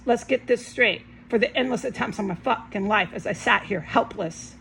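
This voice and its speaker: Woman, agitated rant to camera, gravelly fry, swears a lot, indoors at home. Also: mid-range voice, moderate pace, fairly bright tone, slight background noise, low-quality recording. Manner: agitated, ranting, heavy swearing. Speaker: vlogger. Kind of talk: angry rambling monologue to camera.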